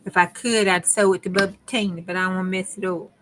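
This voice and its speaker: Fast and fairly even in intonation, her medium-pitched voice has a bit of brightness. She's a crafting channel host with a Southern US country accent, drawling and clipping words as she chats to viewers over her craft work. Slight background noise sits under a rough recording.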